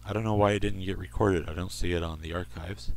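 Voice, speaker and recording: A man hosting an internet radio show, reading odd news stories in a rambling way and slipping into soft asides. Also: sits low, steady tone, fast talker.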